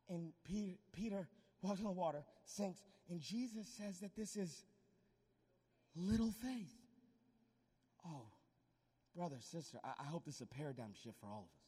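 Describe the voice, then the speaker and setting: Male preacher, high voice, lively swooping delivery, humorous, shouts for emphasis, big echoing hall. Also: normal speed, long pauses, husky. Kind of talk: energetic sermon.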